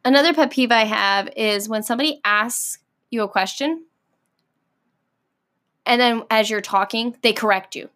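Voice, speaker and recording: A young woman with a high voice hosts a solo podcast. She rants in an exasperated, lively way, full of likes and ums. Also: normal speed. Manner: exasperated, animated ranting with many likes and ums. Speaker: podcast host.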